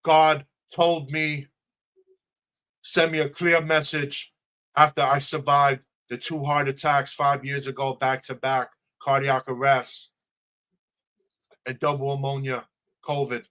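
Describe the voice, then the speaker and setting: Earnest bright-voiced New man. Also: mid-range voice, level tone, slow, pauses often. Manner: earnest, emotional, repetitive speech-style. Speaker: political candidate. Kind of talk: livestream interview answers. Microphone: video call.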